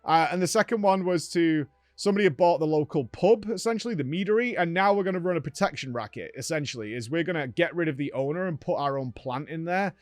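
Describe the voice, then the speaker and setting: Animated man recapping a game. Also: fairly high pitch, quick pace, hardly any pauses, dry recording. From United Kingdom. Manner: animated storytelling, acts out exchanges with "I'm like". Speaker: streamer and show host. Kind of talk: casual gaming recap chat.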